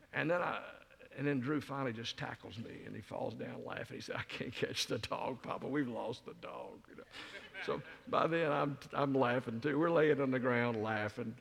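A man's voice: medium pitch, vocal fry, fairly bright tone, husky. Older man telling folksy sermon stories. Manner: folksy storyteller, self-mocking jokes. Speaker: guest speaker. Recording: reverberant hall.

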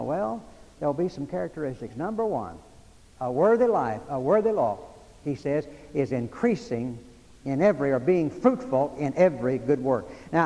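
A man's voice: a little high, warm tone, big-room sound, low-quality recording. A male preacher delivering a sermon, building emphasis through repeated phrases. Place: church sanctuary.

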